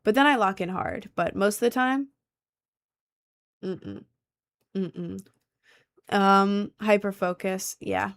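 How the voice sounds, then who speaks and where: A woman's voice: medium pitch, slow, creaky, long pauses. Rambling young woman livestreamer. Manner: rambling, chatty, swings between loud and mumbled. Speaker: livestreamer and musician. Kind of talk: casual livestream chat reading comments.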